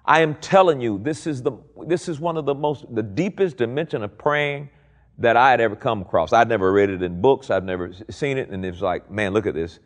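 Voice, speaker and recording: A man preaching a sermon, reading scripture aloud and commenting on it, swinging from low, quiet passages to high, loud ones. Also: fairly quick.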